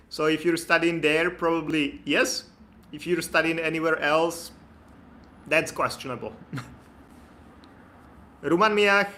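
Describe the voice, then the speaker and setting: Casting note: man, bright and slightly high voice, casual and chatty live-stream host. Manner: relaxed, chatty, laughs easily, reads viewer comments aloud. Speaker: immigration consultant hosting a live Q&A.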